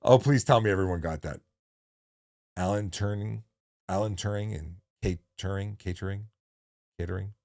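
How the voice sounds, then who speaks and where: A man's voice: lowish voice, normal speed, pauses often, darkish tone, no echo. A man, a former police officer, hosting a casual livestream chat, telling dad jokes and rambling with lots of restarts. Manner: jokey, rambling with many restarts.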